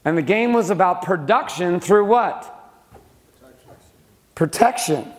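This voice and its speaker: A middle-aged man whose voice sits high speaks at normal speed to a live room of men. Swearing freely, he gives a blunt motivational business talk and throws questions out to his listeners.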